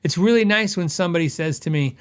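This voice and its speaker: A middle-aged man hosts a podcast in a relaxed, chatty way, often restarting his sentences and slipping into quick quoted asides. His voice sits a little high for a man. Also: clean tone. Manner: conversational, self-correcting, quotes customers in asides. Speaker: podcast host; guitar repair tech. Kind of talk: casual podcast talk.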